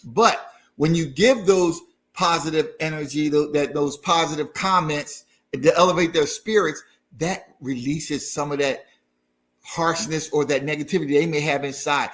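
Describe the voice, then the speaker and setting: A man co-hosting a marriage talk show, agreeing easily and giving calm, encouraging advice. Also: fairly high pitch, normal speed. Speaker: marriage podcast co-host. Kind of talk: casual chat.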